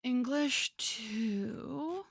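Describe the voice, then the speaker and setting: A woman's voice: sits high, animated, extremely slow, gravelly, no room sound, studio quality. A young woman streamer chatting casually with her viewers, rambling with lots of fillers and frequent laughter.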